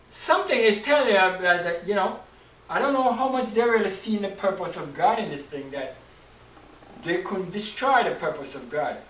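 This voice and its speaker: Expressive male preacher in a roomy hall. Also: high voice. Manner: expressive storytelling, acts out emotions. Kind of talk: sermon. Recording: roomy, distant mic, faint hiss.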